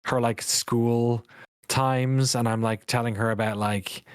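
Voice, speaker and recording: A man with an Irish accent, a podcast guest, chatting in a jokey, relaxed way over a video call. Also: medium pitch, slow pace, smooth, no echo, clean studio sound. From Ireland. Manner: jokey, chatty, laughs easily. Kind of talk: casual chat.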